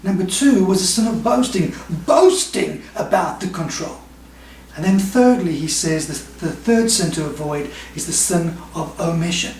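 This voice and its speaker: A man preaching a sermon as pastor, emphatic, with quick bursts and slow stressed phrases. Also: high voice, animated, a little mellow, a little hiss or hum. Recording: echoey room, mic at a distance.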